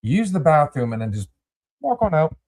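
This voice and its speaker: A man's voice: on the high side, big pitch swings, normal speed, a little mellow. A man hosting a casual podcast chat, rambling and repeating words as he addresses his listeners. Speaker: podcast host.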